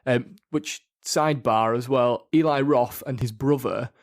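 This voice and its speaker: A man's voice: medium pitch, measured pace. A man co-hosting a casual podcast, talking through a film with lots of fillers and restarts. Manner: rambling, many fillers and restarts. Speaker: podcast co-host. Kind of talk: casual chat.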